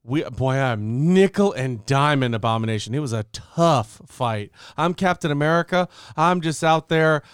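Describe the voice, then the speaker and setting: A man co-hosting a casual review podcast, telling stories in an animated way and swearing freely. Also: on the high side, moderate pace, few pauses, clear, resonant tone, no room sound, studio quality. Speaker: podcast co-host.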